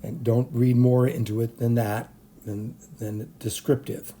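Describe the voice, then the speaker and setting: A middle-aged male teacher talks through a chemistry screencast in a warm, mellow voice. He speaks off the cuff, with frequent ums and self-corrections. His pitch sits in an ordinary middle range for a man. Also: little pitch movement, unhurried, a little hiss or hum. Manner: unscripted, many fillers and restarts. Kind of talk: recorded lecture screencast.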